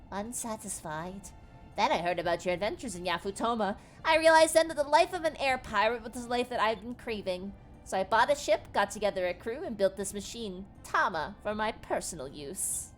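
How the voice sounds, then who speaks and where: A woman's voice: mid-range voice, animated, normal speed, faint music behind, close to an everyday voice. A woman voicing a pompous, wealthy, short old man with a nasal voice while reading a game's dialogue aloud. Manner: haughty, grandiose.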